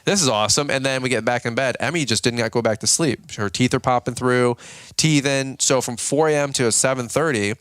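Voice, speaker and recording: Podcast host, male, tired but animated, clean resonant voice, recorded dry in a home room. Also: medium pitch, fairly quick, smooth, no room sound. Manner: joking, animated storytelling with playful impressions. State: sleep-deprived. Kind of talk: casual podcast chat. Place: home nursery.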